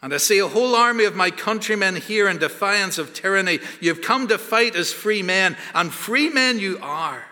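Guy quoting a warrior chief firing up his troops, bright forceful voice, big church echo. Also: sits high, animated, normal speed, few pauses, pitched above the performer's own voice, full character voice. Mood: rousing. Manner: declaiming, rallying. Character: rousing medieval male warrior chief addressing troops.

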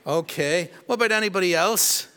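A man's voice: high-pitched, a little fast. A man, a pastor giving a children's talk during a church service, playfully quizzing the kids. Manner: warm, teasing, quizzes children. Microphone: handheld microphone passed around. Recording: long church reverb.

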